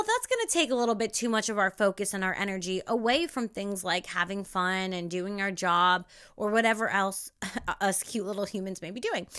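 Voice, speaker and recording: Young woman podcaster, bright tone, pushy repetitive emphasis, self-help vibe. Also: fairly high pitch. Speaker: podcast host.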